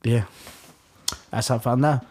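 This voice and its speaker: Blunt, halting man from Chicago. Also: medium pitch, steady tone, darkish tone. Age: adult. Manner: halting, restarts, blunt street talk with profanity. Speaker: interview guest. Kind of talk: personal storytelling in an interview.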